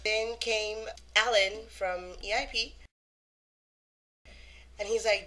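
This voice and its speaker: A young woman vlogging as a fan, telling a story in a lively way and acting out quotes. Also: medium pitch, takes it slowly, slight background noise. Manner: animated, acts out quotes. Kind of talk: excited casual storytelling.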